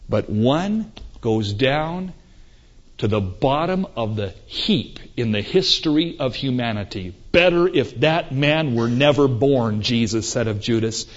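A man preaching a sermon emphatically, swinging between loud climaxes and quiet moments, with rhetorical questions. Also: medium pitch. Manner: emphatic, rising and falling for effect, rhetorical questions. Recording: dull lo-fi recording.

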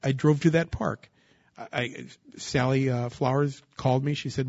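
A man preaching a sermon, asking the congregation rhetorical questions and rising into loud bursts of emphasis. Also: mid-range voice, fairly even intonation, moderate pace, creaky, no echo, lo-fi sound. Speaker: pastor.

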